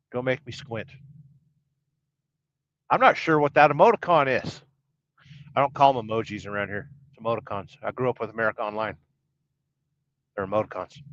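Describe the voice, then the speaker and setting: Wry rambling trucker host on a lo-fi stream. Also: male voice, mid-range voice, a bit bright, dry recording. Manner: wry, rambling, teasing viewers. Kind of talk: casual livestream chat reading comments. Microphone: podcast-style audio only. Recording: dull lo-fi dry stream audio.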